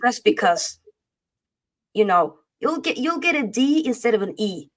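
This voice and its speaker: A woman's voice: fairly high pitch, very animated, measured pace. A woman co-hosting a casual football chat show, talking in a playful, trash-talking way full of slang. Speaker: podcast co-host.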